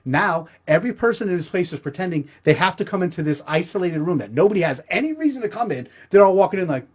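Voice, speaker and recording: A man's voice: high-pitched, very animated, fast, slightly rough. A middle-aged man telling a crude, self-mocking comedic story as the show's host.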